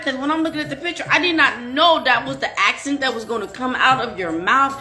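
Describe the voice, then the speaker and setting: A woman's voice: high-pitched, brisk, hardly any pauses, sharp tone, soft background music. A woman hosting a casual live stream, playful and joking, laughing often between lines.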